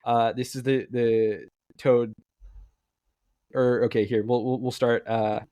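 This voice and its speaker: An excited man co-hosting a book podcast, chatting casually and laughing often. His voice is mid-pitched and sounds dry and close, with no room echo. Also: slow. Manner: enthusiastic, laughs often, reads quotes aloud. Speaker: podcast co-host.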